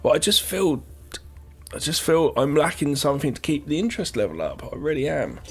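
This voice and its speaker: A man's voice: on the high side, big pitch swings, a little fast, husky. A man co-hosting a podcast, giving his opinions on a film in loose, rambling casual chat. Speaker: podcast co-host.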